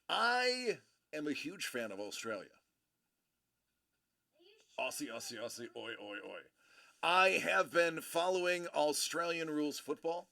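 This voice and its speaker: A man's voice: a little high, vocal fry, pushed and bright. A man hosting a casual live stream, greeting viewers by name and rambling in a laid-back way. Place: California home studio.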